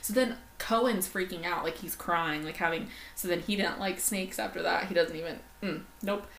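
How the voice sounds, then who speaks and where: A woman co-hosting a casual chat podcast, telling stories with lively quoted voices. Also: fairly low pitch, normal speed, gravelly. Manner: animated storyteller, acts out quoted voices. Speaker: podcast co-host. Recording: echoey room, faint ambient noise.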